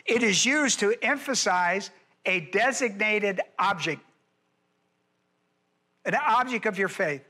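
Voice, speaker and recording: Emphatic high-voiced male pastor. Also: animated, slow pace, pauses often, sharp tone. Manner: emphatic, repeats key words. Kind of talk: expository sermon.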